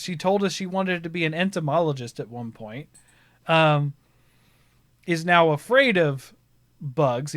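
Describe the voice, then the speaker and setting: A man hosting a casual live-streamed chat, telling stories with a lively, swooping voice. He breaks into loud shouts and laughter at the funny parts. The sound is close and dry, with no room around it. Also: fairly high pitch, dry recording. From Ohio. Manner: animated storyteller, swings into loud laughing shouts. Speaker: podcast host.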